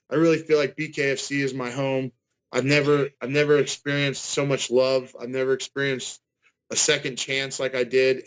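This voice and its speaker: A man's voice: mid-range voice, low-quality recording. A man in his forties, a fighter giving a casual interview over a video call, earnest and rambling, often restarting his sentences. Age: 40s. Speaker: guest fighter.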